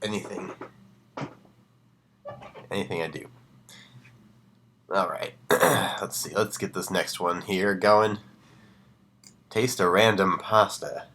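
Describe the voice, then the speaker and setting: A man reading horror stories aloud on a live stream, breaking off for casual asides and dropping to a hushed voice on the ominous lines. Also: deep voice, steady tone, slow, long pauses.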